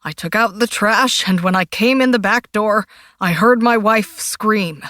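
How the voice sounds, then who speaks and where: Woman reader doing a distraught husband, loud, strained, higher than her narration, defensive, dry audiobook. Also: unhurried, no room sound, natural voice. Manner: loud, raised, strained pleading. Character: distraught middle-aged husband, defensive and desperate.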